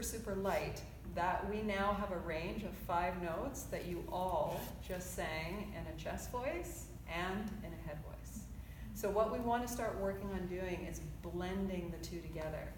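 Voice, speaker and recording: A woman coaching a choir section through a vocal warmup, encouraging and chatty, quick to laugh. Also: medium pitch. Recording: roomy sound with background noise.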